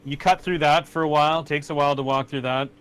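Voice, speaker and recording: A man's voice: fairly high pitch, fairly even intonation, fairly bright tone, a little hiss or hum. A man narrating a tabletop game as game master, casual and swearing. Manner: casual, swears, voices characters in quick asides.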